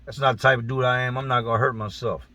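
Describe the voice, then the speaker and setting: A man's voice: medium pitch, fairly even intonation, quick pace, bright, forceful tone, no echo. A man casually telling his own story in blunt, profane, slang-filled talk. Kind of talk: casual first-person storytelling.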